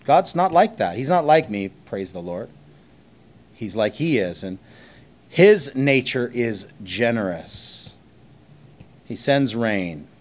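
A man's voice: medium pitch, a little mellow. Man preaching a conversational sermon. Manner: conversational preaching with rhetorical questions. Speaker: pastor.

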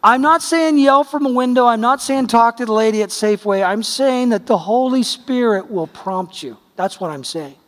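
A man preaches in a conversational, emphatic way, acting out the quotes in his stories. His voice sits high, and it rings with the long reverb of a big church hall. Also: normal speed, few pauses, a bit bright. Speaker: pastor. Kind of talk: sermon.

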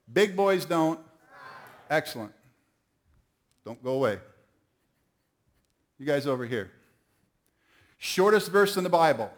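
A middle-aged man preaching a sermon, telling folksy stories and calling on the audience to answer. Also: mid-range voice. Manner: folksy storytelling, calls on the audience.

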